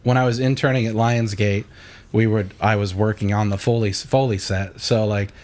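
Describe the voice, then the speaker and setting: A young adult man, a church audio engineer, telling stories in a casual interview and acting out quoted lines in a raised voice. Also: moderate pace. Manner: animated, acts out quoted voices with a higher pitch.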